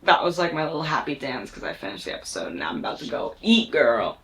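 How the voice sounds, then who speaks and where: A woman's voice: low-pitched, very animated, quick pace, a bit bright, roomy sound, a little hiss or hum. Chatty playful young woman vlogger. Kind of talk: casual vlog with a read-aloud poetic diary entry.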